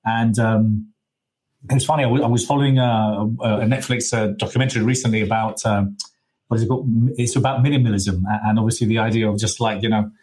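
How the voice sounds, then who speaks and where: Low-voiced host with halting speech. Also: male voice, steady tone, a little mellow, poor audio. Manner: hesitant, many restarts. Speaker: event host. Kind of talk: casual chat. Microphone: video call.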